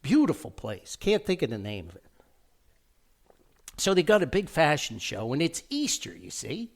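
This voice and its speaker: A man's voice: fairly high pitch, moderate pace, creaky. A middle-aged man with a New Jersey accent, telling a personal story in a rambling, folksy way as a podcast host. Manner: rambling, folksy, animated with lively quoted voices. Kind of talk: casual spoken storytelling.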